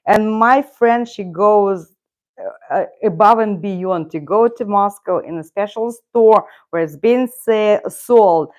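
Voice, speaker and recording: A woman's voice: mid-range voice, takes it slowly, a little mellow. A middle-aged woman from Russia, a native Russian speaker, hosting a casual live stream with rambling, self-correcting talk and frequent chuckles. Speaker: channel host.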